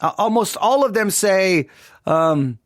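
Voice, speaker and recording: A man's voice: high-pitched, animated, slow, no room sound, clean studio sound. A man giving a devotional Bible study talk, thinking aloud with frequent restarts and rhetorical questions. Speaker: Bible teacher.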